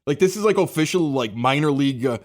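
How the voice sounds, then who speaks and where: A man's voice: on the high side, lively intonation, fast. A man hosting a podcast, chatting casually at a basement home bar and telling rambling stories with plenty of laughs. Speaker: podcast host.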